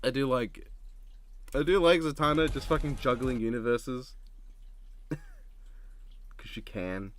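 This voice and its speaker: A man's voice: mid-range voice, slow, long pauses. A man co-hosting a reaction video, chatting casually, joking and laughing often. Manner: laughs often, jokey impressions. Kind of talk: casual chat.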